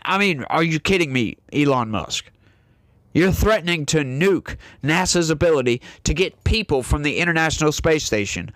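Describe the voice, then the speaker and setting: A man's voice: on the high side, fairly bright tone, no echo, clean studio sound. A man hosting a solo political commentary show, talking in an exasperated, rambling, emphatic way.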